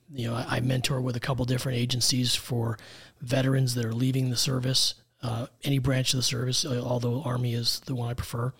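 An American man with a husky, gravelly voice speaks as a podcast guest. He tells his story earnestly and at a measured pace. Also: medium pitch. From United States. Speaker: guest, executive coach. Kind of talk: conversational interview.

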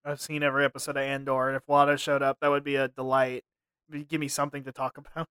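A man co-hosting a podcast in casual banter, joking, laughing often and throwing in quick asides. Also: medium pitch, completely flat delivery, a bit bright, clean tone, no room sound, studio quality. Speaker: podcast co-host.

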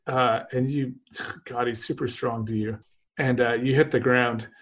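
A man's voice: medium pitch, steady tone, measured pace, a bit bright. A man narrating as game master of a tabletop game, casual and often laughing.

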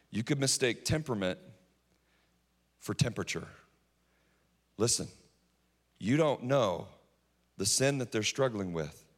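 A man preaching a sermon, telling stories, sometimes dropping to a hush and then rising to strong emphasis. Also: on the high side. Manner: storytelling, swings between hushed and emphatic. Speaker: pastor. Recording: long hall reverb.

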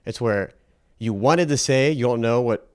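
A man tells a story in a relaxed, conversational way, with his voice at an ordinary middle pitch. He gets animated and acts out the people in the story as he goes. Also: moderate pace, smooth. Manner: animated, acts out characters with a put-on accent. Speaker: speaker telling a story about a scientist. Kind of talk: casual storytelling talk.

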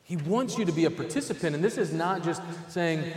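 A man's voice: fairly high pitch, lively intonation, fairly quick, a little mellow. Man preaching in an echoey hall. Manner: conversational, emphatic preaching with asides. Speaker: pastor. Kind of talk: sermon. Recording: roomy hall with long reverb.

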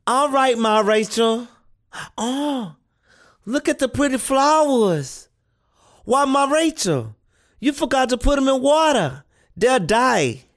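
A woman voicing an earnest, thoughtful seven-year-old boy, who speaks slowly and questioningly in an audio play reading. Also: high voice, sing-song, heavily acted. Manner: slow, earnest childlike questioning.

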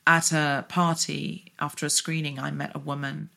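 Low-voiced woman podcast host. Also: flat delivery, vocal fry, pushed and bright. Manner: earnest, halting storytelling. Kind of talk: casual chat.

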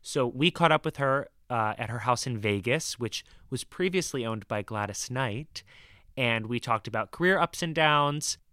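Male host, bright tone, playful teasing delivery, dry sound. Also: medium pitch, expressive, moderate pace, smooth, no room sound. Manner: teasing, laughs easily. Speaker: podcast host. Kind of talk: casual chat and scripted intro.

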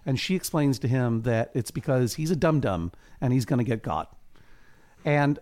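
A man's voice: mid-range voice, expressive, moderate pace, a little mellow. Wry man co-hosting a comedy recap. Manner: wry, playful, acts out characters in quoted voices. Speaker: podcast co-host.

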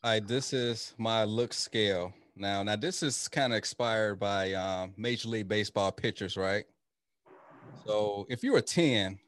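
A man hosting a casual podcast chat, talking loosely and rambling with many restarts and fillers. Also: fairly low pitch. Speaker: podcast host.

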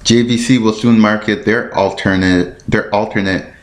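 He's a solo podcast host talking casually, rambling and musing aloud as he checks things, tripping over words and apologizing with a self-deprecating air. The voice is lowish with fairly even intonation at normal speed, and the room is echoey.

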